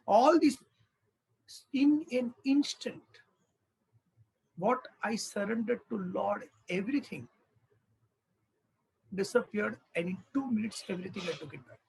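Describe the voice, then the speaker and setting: A man teaching a discourse on scripture, animated, asking rhetorical questions and acting out small dialogues. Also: high-pitched, creaky, slightly rough, rough recording. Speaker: spiritual teacher.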